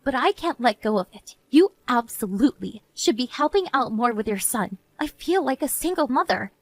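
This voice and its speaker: This woman's voice sits a little high and moves at a moderate pace, captured in a dry recording. Narrating a story with animation, she portrays an exhausted young mother and wife who argues with her husband, first earnest and pleading, then flat and resigned.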